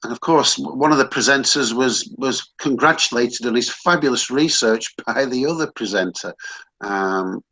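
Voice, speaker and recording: Chatty man with a bright voice. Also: medium pitch, normal speed, low-quality recording. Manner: chatty, rambling, with frequent restarts. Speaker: host. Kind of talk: casual online talk show.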